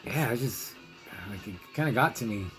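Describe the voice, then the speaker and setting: In this rough recording with soft music behind him, a man speaks at a moderate pace in an expressive, slightly bright mid-range voice. He's a movie-reviewing zine editor doing a casual vlog monologue, hesitantly rambling through fillers and false starts while reading letters from fans.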